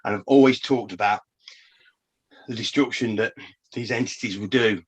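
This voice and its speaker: A man's voice: lowish voice, normal speed, breathy edge. A man chatting on a podcast, telling a rambling story with frequent swearing and many restarts. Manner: animated storytelling. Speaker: podcast co-host. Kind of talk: casual chat.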